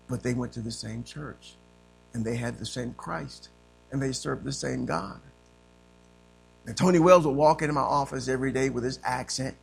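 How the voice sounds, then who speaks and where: A man preaching a sermon as pastor, telling his own testimony, swinging from loud, emphatic passages to hushed, quiet ones. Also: mid-range voice, gravelly.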